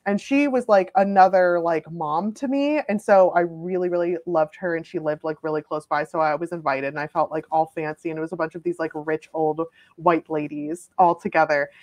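A young adult woman telling funny personal stories in a casual, animated chat, full of "like" fillers. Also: low-pitched, brisk. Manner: chatty, filler-heavy, animated.

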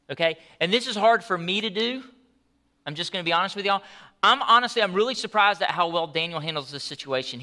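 A man preaching a sermon as pastor, telling the story in an animated, conversational way with asides. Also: high voice.

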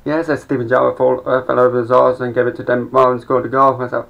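A man's voice: mid-range voice, little pitch movement, quick pace, creaky, fairly bright tone. A young man rambling through a sweary stand-up monologue with mumbled asides. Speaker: amateur comedian. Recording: dull lo-fi home recording.

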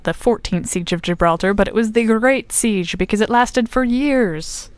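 A woman's voice: mid-range voice, normal speed, clean tone, no room sound. A woman co-hosting a casual history podcast, explaining at length with plenty of ums and uhs. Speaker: podcast co-host.

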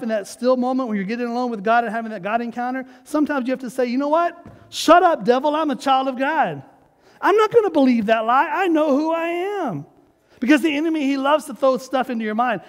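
A man preaching a sermon as pastor, emphatic and urging the congregation to repeat his words. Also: extremely high pitch. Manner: emphatic, urges the congregation to repeat after him. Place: church sanctuary. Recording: long hall reverb of a church sanctuary.

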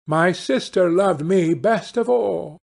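A man's voice: high-pitched, takes it slowly, vocal fry, darkish tone, heavily acted. A man voicing a murdered little boy reborn as a bird, chanting his song in a sing-song way.

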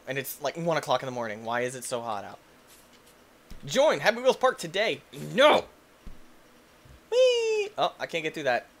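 A young man narrates his gameplay in a goofy, excitable rush, his pitch swinging wildly from low mutters to high yelps. He shouts and jokes at the screen as he plays, with a lively, bouncing delivery. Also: slight background noise. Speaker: gaming YouTuber. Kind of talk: energetic gameplay commentary.

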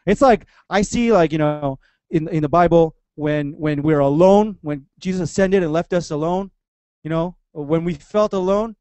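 Man, 30s, pastor, relaxed chatty sermon, acts out story voices, high pitch, dry recording. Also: moderate pace, clear, resonant tone, no echo. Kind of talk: casual sermon.

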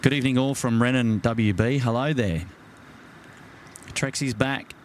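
A man's voice: medium pitch, unhurried. Australian man, live stream host, outdoors at night, casual chat, greets viewers by name, faint background noise. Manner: chatty, greets viewers by name, frequent fillers. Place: outdoors at night by a waterfront jetty.

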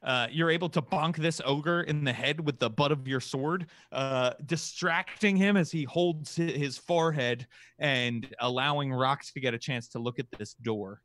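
A man's voice: medium pitch, moderate pace, fairly bright tone, no echo. A man running a tabletop game as game master, narrating the action casually with many fillers.

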